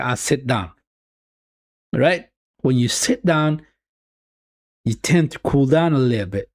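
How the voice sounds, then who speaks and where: Chatty man doing live football commentary. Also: on the high side. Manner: repeats phrases, addresses viewers as people; chatty, swings between excited and deflated. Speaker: football watch-along streamer. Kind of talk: live match watch-along commentary.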